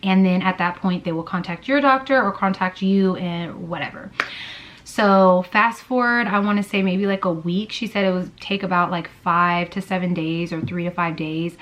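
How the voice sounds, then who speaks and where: A woman's voice: lowish voice, normal speed, fairly bright tone, dull audio, a little hiss or hum. A woman vlogger telling a personal story in a casual, chatty way, full of fillers and blunt swearing. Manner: chatty, lots of "like" and "girl", swears freely.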